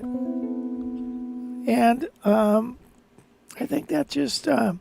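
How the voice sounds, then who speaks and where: A man's voice: high voice, animated, unhurried, creaky. A man hosting a live guitar stream, rambling casually and thinking aloud with restarts.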